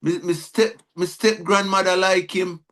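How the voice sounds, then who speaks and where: A Jamaican man speaks with a high voice for a man as he tells his life story in an interview. His speech loops back on itself, with words repeated and phrases restarted. He slips into Patois when he retells conversations. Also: fairly even intonation, measured pace, fairly bright tone. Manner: repetitive, restarts words, acts out quoted dialogue in Jamaican Patois. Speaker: guest, reggae artist.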